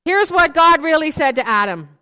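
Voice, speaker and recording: A woman leading a worship service, telling light jokes as a gentle storyteller. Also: high voice, lively intonation, moderate pace. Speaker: worship leader.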